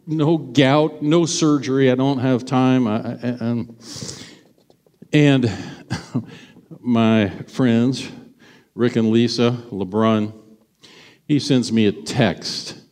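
A middle-aged male pastor tells stories from the pulpit in a chatty, conversational sermon. His voice sits at an ordinary pitch and now and then jumps up in sudden bursts of emphasis. A long reverb trails each phrase through the church sanctuary. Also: a little mellow.

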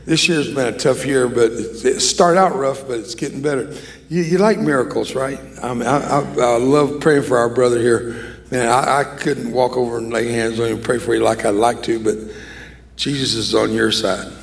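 A man preaching as a guest speaker in a church, joking and emotional, poking fun at himself between warm words to the congregation. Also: mid-range voice, fairly even intonation, moderate pace, gravelly. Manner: joking, emotional, self-deprecating. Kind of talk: sermon. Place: church sanctuary.

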